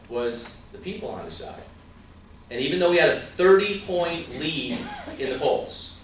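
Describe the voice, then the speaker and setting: A man's voice: medium pitch, a bit bright, slight background noise. Emphatic male candidate in an echoey hall. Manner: emphatic, rhetorical questions, asides to the crowd. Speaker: political candidate. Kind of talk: campaign stump speech. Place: indoor political party meet-and-greet. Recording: very echoey room from far off.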